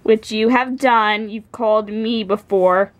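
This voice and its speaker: A woman's voice: medium pitch, steady tone, takes it slowly, close to an everyday voice. A woman voicing a male cat with a casual, dryly teasing manner. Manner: casual, teasing, rambling in spurts.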